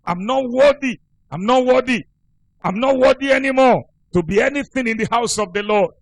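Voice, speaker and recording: A man's voice: sits high, unhurried, vocal fry, dry recording. A man preaching who voices a remorseful husband begging for mercy, in a pleading, tearful tone. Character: remorseful middle-aged husband begging forgiveness.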